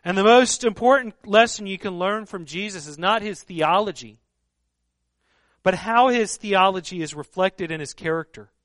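Earnest high-voiced male preacher. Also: moderate pace, dry recording, clean studio sound. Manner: earnest, emphatic, drops to a hushed voice for stress. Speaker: pastor. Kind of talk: sermon.

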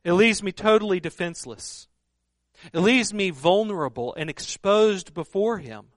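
A man preaching a sermon, earnest and emphatic, with a fairly high voice. He often sinks to a hushed tone to press his point. The recording is dry and close. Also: normal speed, no room sound. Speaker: pastor.

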